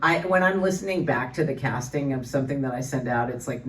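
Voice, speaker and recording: A woman's voice: very deep voice, fairly quick, few pauses. Woman voice actor, convention panelist, rambling anecdotal storyteller, distant mic. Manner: chatty storyteller, many restarts and fillers. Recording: voice from far off the mic.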